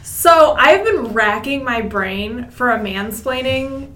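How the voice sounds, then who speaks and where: A woman's voice: fairly high pitch, expressive, takes it slowly, a bit bright, echoey room, slight background noise. A woman guest on a podcast, talking casually and hedging with filler words. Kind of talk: casual chat.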